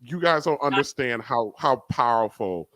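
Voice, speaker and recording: A man co-hosting a live cooking show, telling a family story in a relaxed way, laughing along and saying "you know" often. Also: medium pitch, normal speed, no room sound. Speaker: co-host. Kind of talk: casual storytelling.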